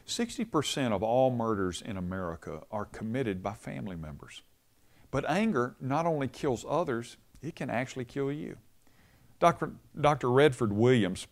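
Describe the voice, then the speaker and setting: Man, devotional radio speaker, conversational preaching with storytelling, medium pitch. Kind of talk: short devotional message.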